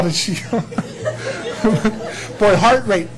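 Animated high-voiced preacher man. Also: normal speed, a crowd in the background, poor audio. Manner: animated, jokes and laughs at his own stories. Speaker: pastor. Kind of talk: sermon teaching.

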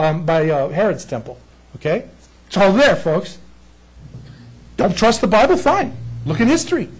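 A man preaching a Bible sermon in an animated, jokey way, acting out the figures he quotes. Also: high voice, low-quality recording.

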